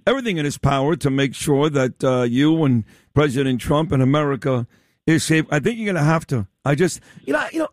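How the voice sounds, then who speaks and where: A man's voice: a little mellow, dry recording, clean studio sound. A man hosting a radio interview, talking emphatically and teasingly to his guest. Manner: emphatic, sweeping pitch swings, teasing. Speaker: radio host. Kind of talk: opinionated talk radio interview.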